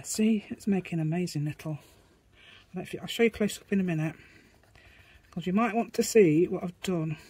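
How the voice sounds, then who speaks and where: A woman's voice: fairly low pitch, darkish tone, husky, no room sound. A woman chatting casually as she demonstrates a craft, rambling as she works and making asides to her dog. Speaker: craft vlogger.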